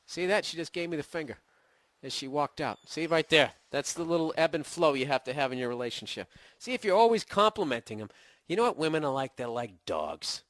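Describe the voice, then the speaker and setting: A man with a somewhat high, bright and forceful voice riffs as a podcast host. He swears constantly and trades in sarcastic mock insults. The sound is close and dry with no room in it. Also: expressive, fast talker, no room sound. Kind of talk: casual comedic rant.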